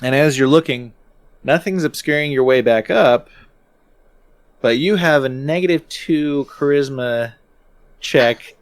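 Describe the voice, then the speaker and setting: A man's voice: medium pitch, measured pace, pauses often, smooth, no room sound. A man running a tabletop game as dungeon master, narrating unhurriedly and often chuckling.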